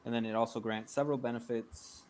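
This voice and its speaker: A man's voice: medium pitch, fairly even intonation, quick pace, a little mellow, a little hiss or hum. A man playing a tabletop game, reading rules aloud plainly. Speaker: player.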